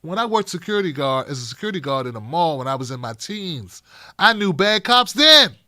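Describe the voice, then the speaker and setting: A man's voice: a little high, very animated, fairly quick, sharp tone, no room sound, clean studio sound. A middle-aged man hosting a live-streamed talk show, reading chat by name and ranting in a blunt, profane way.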